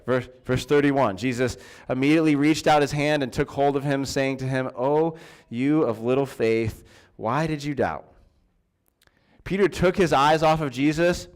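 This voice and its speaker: Male pastor, church sermon, casual preaching, ordinary pitch. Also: normal speed. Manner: conversational preaching with fillers and restarts.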